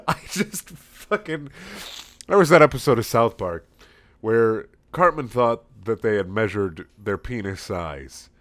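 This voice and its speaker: A man's voice: on the low side, animated, measured pace, a bit bright. A man giving a sarcastic, mocking comic reading of a fan story, swearing and cracking up as he goes. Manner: sarcastic, swearing, often laughing. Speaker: reader.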